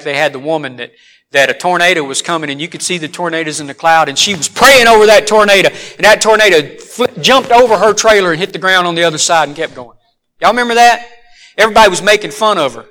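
High, bright-voiced preacher man. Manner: folksy storytelling with sudden loud rises. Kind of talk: sermon.

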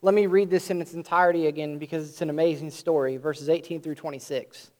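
A man preaching a sermon in an earnest way, slowing down and swelling his voice to stress a point, and reading scripture aloud between his explanations. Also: on the high side, steady tone, darkish tone.

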